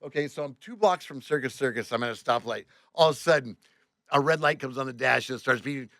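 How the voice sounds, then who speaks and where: Male bus driver, podcast host; lively storyteller, tense bright voice, dry close sound. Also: medium pitch, fast, creaky, no room sound. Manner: animated, repeats words, swears, gets loud quoting people. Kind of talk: casual storytelling chat.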